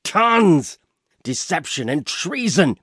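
A man's voice: a little high, sing-song, takes it slowly, a bit bright, slightly rough, no echo, clean studio sound, pitched above the performer's own voice, full character voice. A man voicing a proud, angry old king who commands and roars. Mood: roaring. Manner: roaring, commanding.

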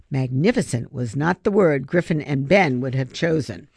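An audiobook reader giving expressive scripted narration. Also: medium pitch, normal speed, creaky, slightly rough, no room sound. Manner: expressive storytelling.

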